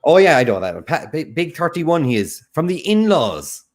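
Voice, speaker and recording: A man's voice: on the high side, sing-song. Cork man hosting a quiz stream. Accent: Irish, Cork. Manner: quick, jokey, reads out viewer comments. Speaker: quiz host. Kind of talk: casual livestream chat.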